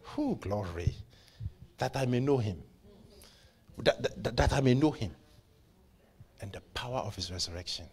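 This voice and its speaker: Male pastor, mid-pitched and husky, a fervent sermon style with stuttered restarts. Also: lively intonation, measured pace, pauses often. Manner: impassioned, stammering repeats, swings from hushed whispers to loud bursts. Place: church service.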